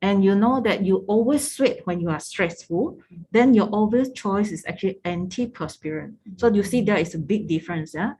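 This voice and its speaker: A woman's voice: medium pitch, moderate pace, warm tone, slight background noise, low-quality recording. A woman, a product trainer explaining things step by step and asking rhetorical questions. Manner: explanatory, asks rhetorical questions, ends points with "yeah?".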